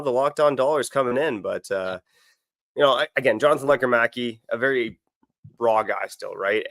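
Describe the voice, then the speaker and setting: A man co-hosting a hockey podcast in casual chat, relaxed and hedging, with many fillers. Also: mid-range voice, no echo, clean studio sound. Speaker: podcast co-host.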